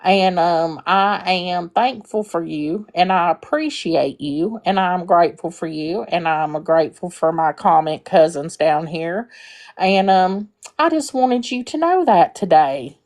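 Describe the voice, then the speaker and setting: A woman's voice: lowish voice, unhurried, a little mellow. A woman calling in to a live stream, telling a story sincerely with frequent fillers. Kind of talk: casual heartfelt storytelling.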